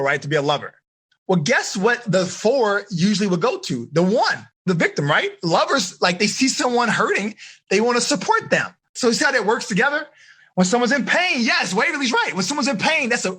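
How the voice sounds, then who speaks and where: Lively coach guy quizzing a teen crowd, bright and a bit breathy. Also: sits high. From United States. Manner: energetic, asks the audience questions. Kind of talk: live seminar for teenagers.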